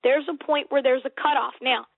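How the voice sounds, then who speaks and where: Her voice slightly high, gravelly and steady in tone, an American guest author in her forties speaks fairly quickly and earnestly in a faith-based interview, often repeating words as she works out her thoughts. The tinny, phone-like sound is dry, with no room sound.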